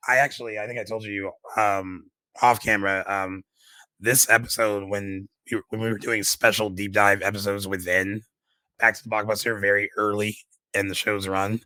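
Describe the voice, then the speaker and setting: A man's voice: lowish voice, level tone, moderate pace, sharp tone, smooth, no echo, poor audio. A man co-hosting a casual movie podcast, his voice a little shot, rambling with many fillers and restarts. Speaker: podcast co-host.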